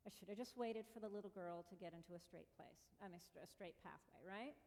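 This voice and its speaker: A woman's voice: mid-range voice, fairly quick, a little mellow. A woman pastor giving a conversational storytelling sermon who acts out her own exclamations. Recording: long reverb of a church hall.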